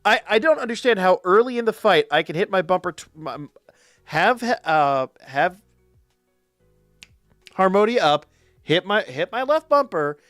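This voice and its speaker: This man's voice sits high, with lively intonation, an unhurried pace, long pauses and a fairly bright tone. He's live-streaming a game, talking loosely to chat and swearing a lot as he rants whenever the game frustrates him. The studio sound is clean with no echo and faint music behind.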